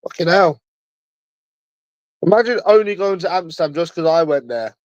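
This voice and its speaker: A man's voice: fairly high pitch, normal speed, no room sound, muffled recording. A man streaming alone, rambling in a casual, mocking monologue full of swearing. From London. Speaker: livestreamer.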